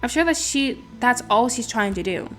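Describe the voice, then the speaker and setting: A woman doing a bright, upbeat club leader. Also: on the high side, lively intonation, moderate pace. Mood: reassuring. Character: confident, caring young club leader girl.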